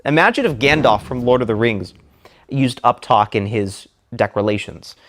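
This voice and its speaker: Measured male speaking instructor. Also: medium pitch, a bit bright. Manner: measured, deliberate delivery with slow emphatic phrases. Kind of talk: scripted lecture.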